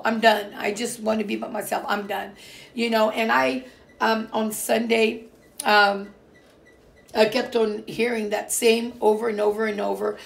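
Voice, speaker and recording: Middle-aged woman from Portugal, gravelly low fry, rambling casual vlog chat, emphatic with lots of fillers. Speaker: vlogger. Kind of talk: casual personal talk to viewers.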